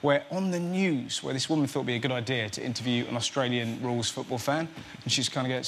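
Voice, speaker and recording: A young man who is a comedian guest on a talk show, telling lively anecdotes and dipping into put-on voices. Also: mid-range voice, fast, few pauses, slight background noise.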